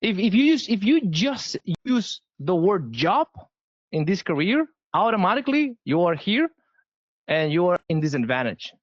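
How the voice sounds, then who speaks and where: A man with a Spanish accent speaks in an emphatic, restarting way, pitched somewhat high. The sound is dry and close, with no room around him. The audio is a little dull and lo-fi. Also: sing-song, moderate pace, dry recording. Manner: emphatic, repeats words when restarting. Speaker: sales guest. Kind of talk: casual interview.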